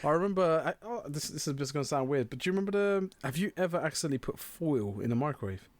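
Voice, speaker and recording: A young man co-hosting a podcast, telling stories in a lively casual way, swearing and calling his friend "mate". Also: fairly high pitch, fast, dry recording. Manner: animated storyteller, swears, says "mate". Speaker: podcast co-host. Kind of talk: casual chat.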